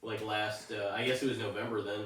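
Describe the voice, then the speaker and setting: A man's voice: on the low side, flat delivery, a little fast, a bit bright. A man hosting a casual podcast chat, laughing often and asking the others questions. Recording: roomy echo, far from the mic.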